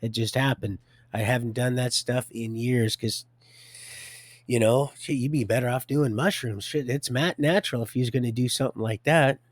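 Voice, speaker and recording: Fifties male streamer, rambling life-story teller with a middle pitch, dry recording. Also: normal speed, no room sound. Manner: rambling, stops and restarts, chuckles a lot. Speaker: live streamer telling his life story.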